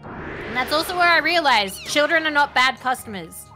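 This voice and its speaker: A woman's voice: high voice, lively intonation, moderate pace, sharp tone, faint music behind. A young woman telling stories in a casual stream chat, laughing often and acting out customers. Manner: chatty storyteller, laughs often, acts out customers.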